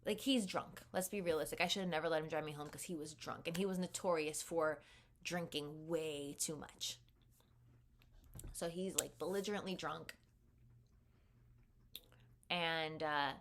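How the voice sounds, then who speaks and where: A woman's voice: fairly low pitch, a bit bright. A young woman vlogger candidly telling a personal story in a conversational way, often saying "like".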